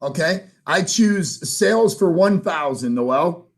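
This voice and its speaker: A man, a guest sales trainer, telling a story in a casual interview, animated and swearing casually as he acts out dialogue. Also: fairly high pitch, measured pace.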